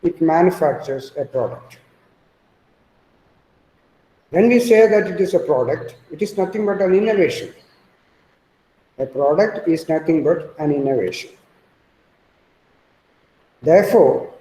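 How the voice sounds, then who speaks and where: A man with an Indian English accent giving a webinar lecture, speaking slowly and deliberately and repeating his key points. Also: a little high, lively intonation, warm tone. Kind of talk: academic lecture presentation. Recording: echoey room sound.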